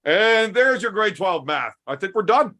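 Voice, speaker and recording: A man's voice: high voice, very animated, measured pace, pushed and bright. A young adult man casually telling crude stories from his school days, swearing freely in a laid-back way. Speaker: podcast host. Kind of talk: casual storytelling chat.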